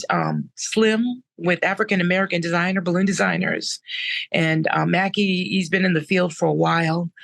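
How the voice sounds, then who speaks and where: A woman's voice: fairly low pitch, creaky, a bit bright, dry recording. A woman guest in an interview, telling her story emphatically and repeating words for effect. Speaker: interview guest, balloon artist.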